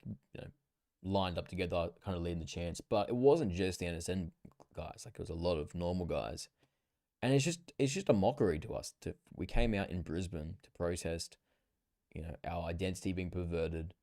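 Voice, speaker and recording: A man's voice: low-pitched, dark tone, dry recording, studio quality. A young Australian man hosting a casual livestream, rambling with swearing, fillers and self-corrections. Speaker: livestream host. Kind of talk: casual solo livestream commentary.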